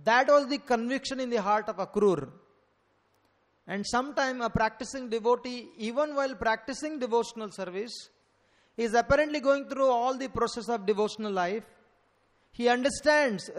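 Man, devotional sermon, earnest storytelling, high-pitched voice, long hall echo. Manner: earnest storytelling, stressing key words. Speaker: preacher. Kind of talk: devotional scripture lecture.

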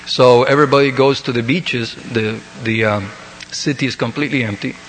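Halting man preaching in a reverberant hall. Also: medium pitch, fairly even intonation, a bit bright, slight background noise. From South America. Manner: hesitant, many fillers and restarts. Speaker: devotional speaker. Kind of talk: unscripted sermon.

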